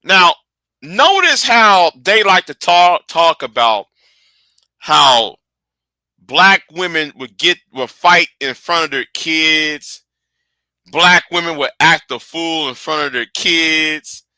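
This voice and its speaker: A man with a very bright, sharp voice talks in a lively, rambling way, often stumbling over restarts. His pitch swings widely as he reacts, then drops low to a mutter. The sound is dry and close to the mic. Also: slow pace, no room sound. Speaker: commentary host. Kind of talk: casual commentary.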